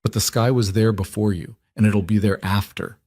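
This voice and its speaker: A man voicing a calm reassuring single dad. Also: fairly low pitch, normal speed, no room sound, studio quality, natural voice. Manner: soft, reassuring. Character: calm gentle single dad, steady and patient.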